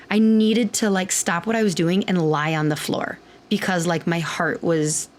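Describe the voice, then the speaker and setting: A woman, hosting a podcast in casual, chatty personal talk full of fillers and quoted asides. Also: on the low side. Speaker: podcast host.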